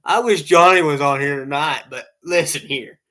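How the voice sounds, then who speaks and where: A man's voice: a little high, normal speed, pushed and bright. A man telling rambling casual stories and jokes to online friends, often tacking on "all right?" and laughing at his own tales.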